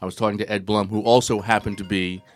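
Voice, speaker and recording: An older man, a guest actor, telling stories at an unhurried, reflective pace in a conversational interview, with frequent ums and uhs. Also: lowish voice, little pitch movement, faint music behind.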